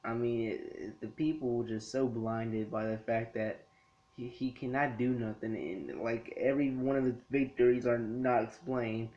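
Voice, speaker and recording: A man talks through an anime episode review in his room, rambling loosely and slipping into quick acted-out lines from the characters. His voice sits at an ordinary middle pitch. The recording sounds dull and lo-fi. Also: steady tone. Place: his own room lit by a TV.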